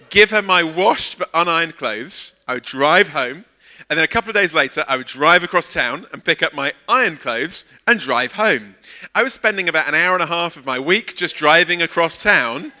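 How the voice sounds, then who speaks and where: A man preaching as a guest speaker at a church service, telling a funny personal story and acting out the dialogue. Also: fairly high pitch. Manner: animated storyteller, acts out quoted dialogue. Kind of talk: sermon with a humorous personal anecdote.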